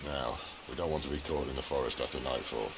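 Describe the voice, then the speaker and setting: An actor playing a gruff, wry middle-aged outlaw leader in a video game, bantering dryly. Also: male voice, a bass voice, fast, background noise. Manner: dry teasing banter. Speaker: game character.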